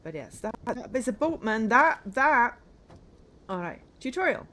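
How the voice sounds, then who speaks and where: A woman's voice: fairly high pitch, sing-song, measured pace, bright, forceful tone. An English woman streaming herself playing a game, chatting in a rambling way that keeps interrupting itself. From northern England. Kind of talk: casual chat while playing a game.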